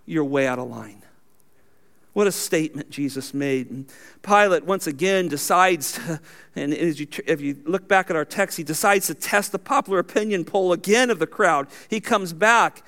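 A man with a notably high voice delivers a sermon as pastor. He reads scripture aloud and swings between raised, emphatic lines and low, quiet asides. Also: normal speed.

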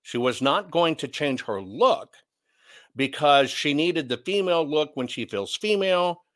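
A man's voice: on the high side, animated, unhurried, a bit bright. A man hosting an opinionated commentary show, blunt and sarcastic as he rants. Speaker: commentary host.

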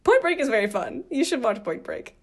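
A woman co-hosting a casual movie podcast. She talks in a chatty, animated way and laughs often as she gives her opinions. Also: sits high, fairly quick, a little hiss or hum. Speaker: podcast co-host.

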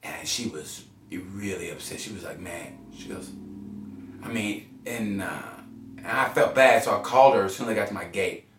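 A man's voice: deep voice, moderate pace, recorded from a distance, background noise. A man telling stories in casual chat, swearing freely and acting out quoted voices. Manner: animated storyteller, swears, acts out quoted voices. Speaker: podcast guest. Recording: echoey room, off-mic.

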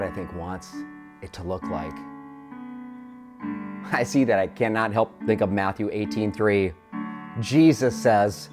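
A pastor with a voice on the low side preaches a sermon, working through a story. He builds toward impassioned declarations that are nearly shouted.

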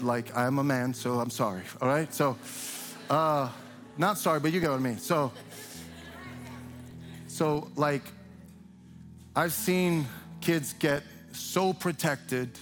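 An older man preaching a sermon in a loose, conversational way, who breaks into shrill mimicry when imitating cheering parents. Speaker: pastor. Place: church sanctuary.

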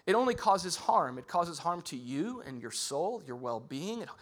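A man preaching a casual, conversational sermon, animated and full of rhetorical questions. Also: fairly high pitch, moderate pace. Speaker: pastor.

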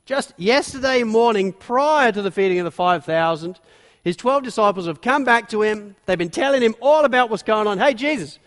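Guy preaching a sermon, fairly high voice, lots of emphasis, big echoey hall. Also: moderate pace. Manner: emphatic, animated storytelling preacher. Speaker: pastor. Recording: long reverb of a large hall.

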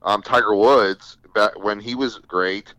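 A man's voice: lowish voice, fairly even intonation, slow, bright, forceful tone, dry recording, poor audio. A male podcast co-host chatting casually, loose and agreeable with many fillers and restarts. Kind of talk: casual chat.

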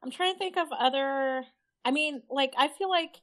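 A woman's voice: sits high, moderate pace, a bit bright. A woman co-hosting a podcast in casual chat, laid-back and enthusiastic, swearing freely. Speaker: podcast co-host.

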